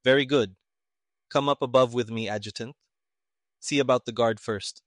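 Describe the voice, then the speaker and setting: A man voicing an impatient, gruff middle-aged army colonel who snaps curt orders. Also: mid-range voice, steady tone, moderate pace, dry recording, studio quality, lightly acted.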